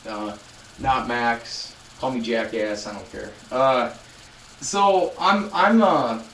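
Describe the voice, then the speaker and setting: A man's voice: medium pitch, slow pace, fairly bright tone, roomy sound, recorded from a distance, a little hiss or hum, rough recording. A man in his twenties chatting casually on a live stream, telling a rambling story with many restarts and addressing viewers. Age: 20s. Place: loud room.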